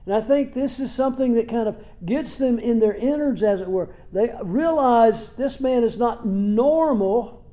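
A man's voice: sits high, warm tone. A man preaching a sermon in a plain, conversational way, asking rhetorical questions and retelling scripture in everyday words. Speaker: pastor. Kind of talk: expository sermon.

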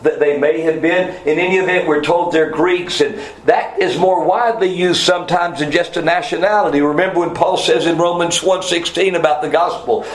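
A man preaching a sermon, teaching verse by verse with quick asides and self-corrections. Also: on the high side, roomy sound, poor audio. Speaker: pastor. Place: church sanctuary.

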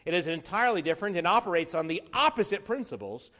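Guy preaching a sermon, kinda high voice, really expressive, lots of rhetorical questions. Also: fast. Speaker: pastor.

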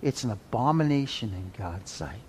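A man's voice: fairly low pitch, expressive, moderate pace, big-room sound, slight background noise. A man teaching a Sunday school Bible class in a folksy, conversational way, repeating key phrases and checking in with "right?".

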